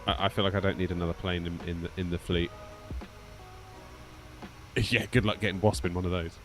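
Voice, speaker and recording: A man's voice: low-pitched, little pitch movement, brisk, faint music behind. A man streaming a flight simulator, chatting casually with his viewers between radio calls and sounding a bit sleepy. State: sleepy, yawning. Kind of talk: casual live-stream chat.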